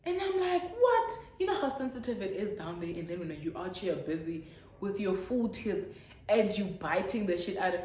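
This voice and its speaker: Woman, young, frank and dramatic storyteller, lowish voice, faint background hiss. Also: a little mellow. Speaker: vlogger. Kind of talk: storytime vlog. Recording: echoey room.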